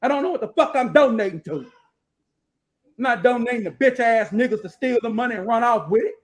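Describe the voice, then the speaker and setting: A man's voice: very high voice, lively intonation, fairly quick. A male host giving casual live commentary while browsing, blunt and profane, rambling as he reads figures and definitions aloud from the screen.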